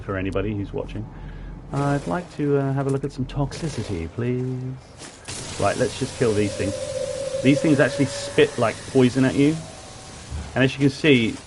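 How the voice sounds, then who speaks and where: A man's voice: medium pitch, background noise. Chatty man streaming a game. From Plymouth, southwest England. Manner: chatty, rambling, greets and answers chat viewers. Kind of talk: casual live-stream gameplay commentary.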